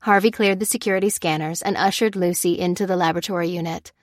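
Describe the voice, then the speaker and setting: A woman reads a novel chapter aloud in a steady, measured way. Her voice sits on the lower side and the recording is dry and close, with no room sound. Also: no room sound. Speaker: audiobook narrator. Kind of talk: scripted narration.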